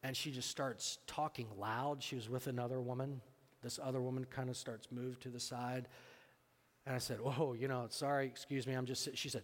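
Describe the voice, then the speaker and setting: A man preaching from the pulpit, his voice carrying with a long reverb through the church. He tells a story with lively quoted dialogue at a middle pitch, then moves into earnest, quiet exhortation. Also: brisk. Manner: storytelling, acting out both sides of a dialogue. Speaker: pastor. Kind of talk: sermon.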